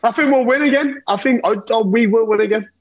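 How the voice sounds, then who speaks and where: A man's voice: extremely high pitch, quick pace, muffled recording. A man, a podcast regular, talking eagerly and fervently about his football club. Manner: eager, fervent fan talk. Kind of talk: casual podcast chat.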